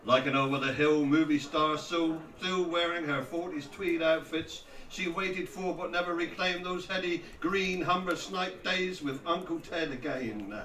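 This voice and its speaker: Wry man, bright and roomy. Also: fairly high pitch, measured pace, few pauses. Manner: wry, mocking storyteller. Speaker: narrator. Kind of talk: scripted memoir narration. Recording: roomy echo, distant from mic.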